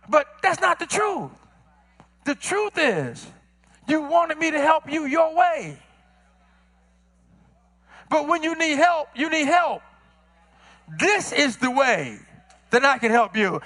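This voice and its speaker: A male pastor with a Southern US accent preaches a sermon. His voice sits very high and sounds bright and sharp. He swings between shouted points and quiet asides, and he voices the people he quotes. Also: sing-song, takes it slowly, long pauses. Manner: acts out other people's words in quoted voices.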